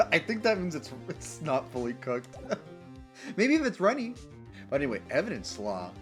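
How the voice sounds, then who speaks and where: A man chatting through a video game stream in a loose, playful way, giggling between lines. His pitch bounces around a lot, close on a desk mic. Faint game music sits in the background. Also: huge pitch swings, moderate pace, a bit bright. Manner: giggly, playful, silly voices. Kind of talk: casual game-stream commentary.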